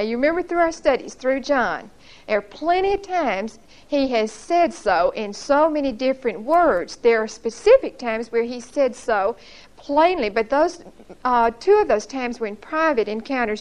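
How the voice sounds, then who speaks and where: A woman's voice: on the high side, low-quality recording. A middle-aged woman teaching a Bible study lesson in a church, explaining earnestly and asking her listeners to recall past lessons.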